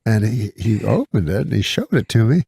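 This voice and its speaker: A comedian telling a rambling story in a deadpan way, with halting restarts. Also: male voice, on the low side, gravelly, husky, dry recording, clean studio sound. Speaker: comedian guest. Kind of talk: casual storytelling on a podcast.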